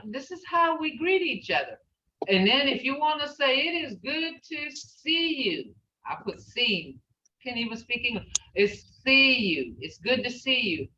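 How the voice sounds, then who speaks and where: A woman language teacher in a recorded class, patiently repeating words slowly so her students can copy them. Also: a little high, sharp tone, slight background noise. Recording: roomy, distant, muffled class recording.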